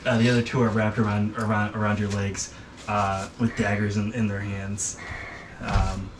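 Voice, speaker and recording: A man's voice: fairly low pitch, little pitch movement, moderate pace, far from the mic. A man running a tabletop game as game master, rambling with many ums and uhs. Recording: noisy room, voice from off mic.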